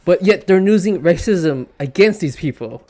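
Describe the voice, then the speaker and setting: A man's voice: high voice, lively intonation, normal speed, dark tone, faint music behind. A man streaming a game and talking casually, rambling with stammering restarts, repeated words and casual swearing. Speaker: gaming streamer. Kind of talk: casual commentary while gaming.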